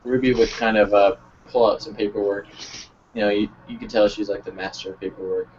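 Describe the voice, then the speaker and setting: A man rambles through his character's actions as a tabletop game player. His voice is mid-pitched. The line is dull and lo-fi with a faint hum behind. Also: little pitch movement, brisk, a little mellow. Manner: rambling, filler-heavy. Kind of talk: casual tabletop play.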